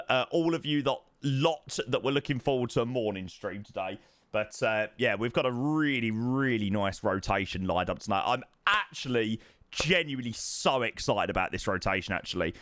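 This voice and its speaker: A man live-streaming a flight sim, chatting excitedly and thanking subscribers, calling everyone mate. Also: mid-range voice, clear, resonant tone, no room sound. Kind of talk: live stream chat while flying.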